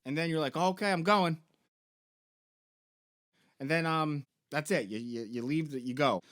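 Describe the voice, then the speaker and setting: A man's voice: medium pitch, fairly quick, a bit bright. A man, a video game store founder, retelling a game's story in a rambling, profane, joking way.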